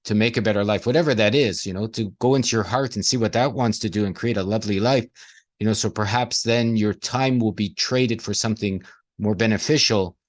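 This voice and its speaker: A man's voice: fairly low pitch, fairly quick. A man in casual conversation, talking reflectively and playing on the sounds of words.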